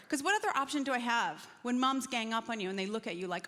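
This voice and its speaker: A woman's voice: on the high side, lively intonation, quick pace, hardly any pauses, pushed and bright. A woman comedian doing a stand-up set on a live festival stage, talking conversationally and acting out little exchanges. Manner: conversational, acts out quoted exchanges. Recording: reverberant hall, noisy live room.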